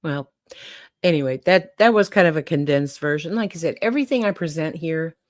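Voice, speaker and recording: A woman's voice: low voice, expressive, a little fast, no echo, studio quality. An older woman hosting a casual livestream, folksy and chatty, talking straight to her viewers. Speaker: livestream host.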